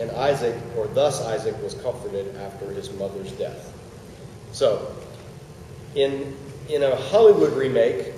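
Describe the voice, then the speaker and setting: A man leads a relaxed Bible study, talking in a conversational way with jokey asides and questions put to his listeners. His voice is mellow and low in brightness. It was picked up from a distance in a big room with a long, roomy echo. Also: slow, a little hiss or hum. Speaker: Bible teacher. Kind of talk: casual Bible study teaching.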